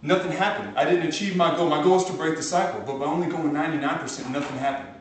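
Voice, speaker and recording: Slightly high-pitched and steady in tone, the man speaks at a quick pace as he gives a motivational talk to a live group, moving from stories to pumped-up exhortation. A distant camcorder captures the large, echoey room, with slight background noise.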